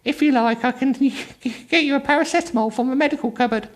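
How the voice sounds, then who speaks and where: A high, drawn-out, fussy voice of an effeminate male cinema attendant in a comic book reading, as a man puts him on. He speaks softly and slowly, fretting over an injured visitor. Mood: fussing.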